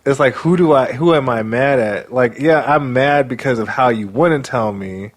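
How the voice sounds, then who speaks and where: A podcast co-host with a medium-pitched voice and normal speed recaps a reality show casually. He tells it with animation, acting out the quotes.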